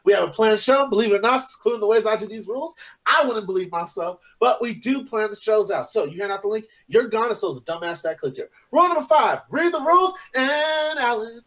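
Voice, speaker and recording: A man's voice: sits high, lively intonation, fast talker, hardly any pauses, a bit bright. A man co-hosting a casual gaming podcast, brash and slangy as he runs through the show's rules. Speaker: podcast co-host reading the rules.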